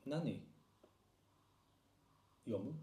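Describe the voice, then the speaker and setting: Quiet man in an echoey room. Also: medium pitch, expressive, extremely slow. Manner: quiet, hesitant answers. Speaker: student. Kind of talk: language lesson practice.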